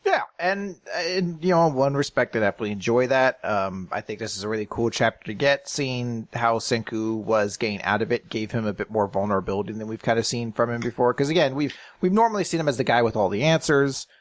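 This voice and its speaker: A man's voice: medium pitch, a little fast, few pauses, dry recording, clean studio sound. Casual, swearing male podcast co-host. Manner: loose, swearing, restarts his sentences. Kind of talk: casual chat.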